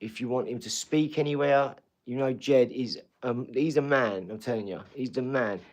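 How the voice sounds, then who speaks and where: A man's voice: medium pitch, normal speed, darkish tone. A man hosting a casual livestream, talking to viewers in a chatty, rambling way and often repeating himself. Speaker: livestream host.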